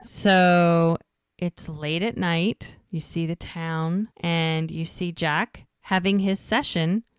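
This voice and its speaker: A woman's voice: lowish voice, fairly even intonation, slow pace, clean tone, no room sound, clean studio sound. A woman co-hosting a podcast, chatting casually and retelling the scenes by acting out the characters' lines. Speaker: podcast co-host. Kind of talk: casual recap chat.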